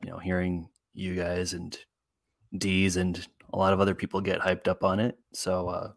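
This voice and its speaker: A man's voice: low-pitched, completely flat delivery, moderate pace, vocal fry, no echo, studio quality. A man on a casual sports talk panel, speaking hesitantly with repeated words and many ums. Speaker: co-host panelist.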